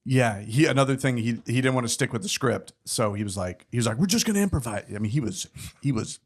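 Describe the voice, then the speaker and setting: Podcast guest, man, mid pitch, lively storyteller, does the voices. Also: a little fast. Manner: animated, acts out quoted people. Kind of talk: casual storytelling chat.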